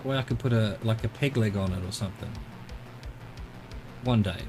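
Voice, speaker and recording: A man's voice: on the low side, moderate pace, noisy background. Australian man musing aloud on stream. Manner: rambling, muttering to himself while exploring. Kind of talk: casual live-stream commentary.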